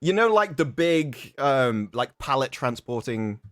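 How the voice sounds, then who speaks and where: A man's voice: medium pitch, big pitch swings, measured pace, dry recording, clean studio sound. A man with a British accent chatting casually and telling amused little stories. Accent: British English. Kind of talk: casual chat.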